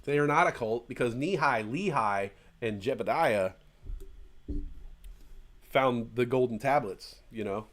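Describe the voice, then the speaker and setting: A man's voice: medium pitch, measured pace, long pauses. A man co-hosting a live stream in casual chat, rambling and swearing, often restarting his sentences. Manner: rambling, profane, frequent restarts.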